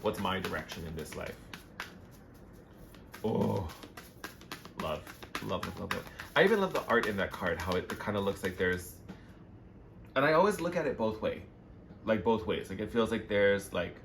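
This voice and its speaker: A man with a lowish, gravelly voice gushes through a casual tarot reading for his viewers. He sounds effusive and excitable about each card he turns. Behind him sits a clear, steady hiss of background noise. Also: moderate pace, long pauses.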